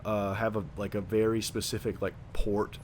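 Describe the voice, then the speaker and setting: Low-voiced man rambling on a game stream. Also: little pitch movement, slight background noise. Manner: rambling, profane, drawn-out talk. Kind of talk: casual chat while gaming.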